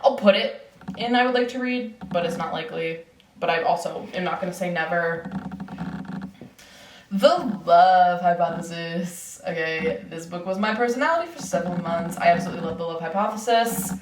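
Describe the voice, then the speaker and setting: A woman's voice: lowish voice, fast talker. A woman book vlogger talking casually, with lots of fillers and self-corrections. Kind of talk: casual chat ranking books. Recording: echoey room, distant mic, faint noise.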